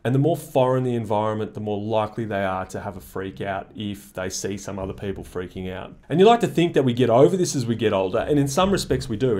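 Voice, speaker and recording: A man's voice: lowish voice, darkish tone. A man giving a reflective monologue to camera, explaining his ideas in a thoughtful way with frequent "uh" fillers. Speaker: commentator. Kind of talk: reflective talking-head monologue.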